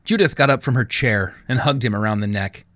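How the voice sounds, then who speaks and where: A man narrating a novel as an audiobook, with expressive storytelling. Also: mid-range voice, a little fast, dry recording. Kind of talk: scripted narration.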